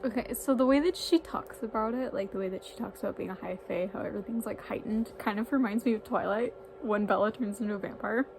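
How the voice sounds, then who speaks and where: A young woman talking casually in a reading vlog, chatty and filling her talk with "like," swearing when excited. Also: medium pitch, fast, vocal fry, few pauses, a little hiss or hum, poor audio. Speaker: book vlogger.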